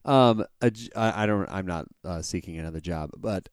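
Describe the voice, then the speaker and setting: A man's voice: low voice, moderate pace, no echo, studio quality. A man co-hosting a podcast in casual chat, rambling and joking with many restarts. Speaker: podcast co-host.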